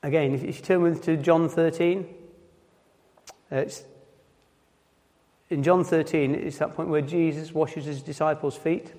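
Male preacher with a Nottinghamshire accent, fairly high voice, loose stop-start delivery, long church reverb. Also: fairly even intonation, dark tone. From Nottinghamshire, England. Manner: halting, repeats words and restarts often. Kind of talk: informal sermon.

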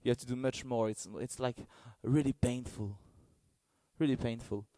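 Earnest halting man preaching. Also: mid-range voice, no echo. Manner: halting, searching for words, earnest; gets excited and loud in bursts. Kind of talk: sermon.

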